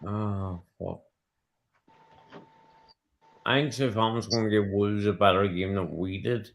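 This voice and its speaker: A man's voice: lowish voice, fairly even intonation, measured pace, gravelly, a little hiss or hum. A man on a football fan panel giving blunt predictions, swearing casually and calling people mate. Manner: blunt, swears freely, matey. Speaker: panel guest. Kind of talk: casual chat.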